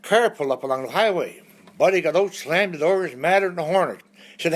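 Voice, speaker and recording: A man's voice: high voice, fast talker. Folksy man telling jokes. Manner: folksy storyteller, lively punchlines. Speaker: entertainer. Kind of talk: live-streamed songs and joke telling.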